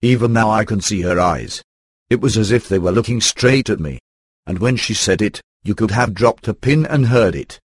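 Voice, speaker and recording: A man reading a first-person book aloud in an even, computer-rendered narration. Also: fairly low pitch, moderate pace, breathy edge, dry recording. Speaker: audiobook narrator.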